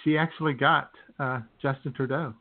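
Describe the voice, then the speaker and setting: A man's voice: medium pitch, fairly even intonation, moderate pace. A man hosting a comedy radio show, rambling casually with lots of fillers. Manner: laid-back, rambling, many fillers. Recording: phone-like narrow sound.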